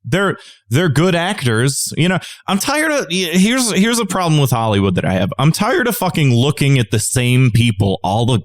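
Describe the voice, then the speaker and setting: A man's voice: a little high, big pitch swings, normal speed. Ranting, profane male podcast co-host. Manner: rambling, profane, exasperated ranting. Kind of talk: casual podcast chat.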